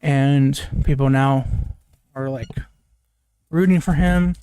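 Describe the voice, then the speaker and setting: A man's voice: mid-range voice, steady tone, slow, warm tone, clear, resonant tone, no echo. A young man giving a casual live movie review, recapping the plot in a rambling way with lots of fillers and swearing.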